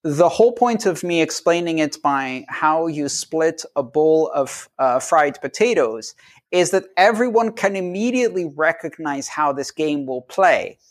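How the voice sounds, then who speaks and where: A man with a somewhat high voice speaks a little slowly as an interview guest. He explains ideas in simple terms and is animated, briefly acting out the voices of people he quotes.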